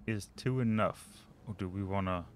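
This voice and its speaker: A man's voice: low-pitched, normal speed, a little hiss or hum. A man casually commenting while he plays a management game, often muttering and trailing off as he thinks aloud. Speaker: let's play host.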